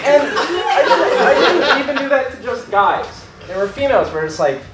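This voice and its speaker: Animated young man telling a story. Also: very high voice, fairly quick, reverberant, over a noisy crowd, heavy background noise. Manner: animated, laughs through his own story. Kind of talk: personal anecdote told to an audience.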